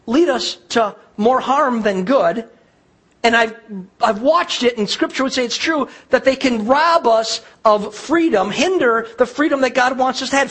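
A man's voice: sits high, breathy edge. A man preaching a sermon in a church, talking in an earnest, conversational way. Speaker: pastor. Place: church sanctuary.

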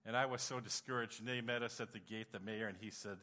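A male preacher delivers a storytelling sermon, his voice bright and forceful. He swings into emotional, exclamatory moments. The sound rings with a long reverb, as in a church hall. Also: lowish voice, fairly even intonation, fast talker.

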